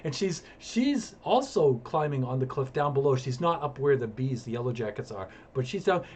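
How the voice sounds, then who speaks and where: A man's voice: medium pitch, sing-song, normal speed, a little mellow, breathy edge. Rambling male streamer telling a story. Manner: rambling, repetitive, chuckling storyteller. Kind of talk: casual storytelling while gaming.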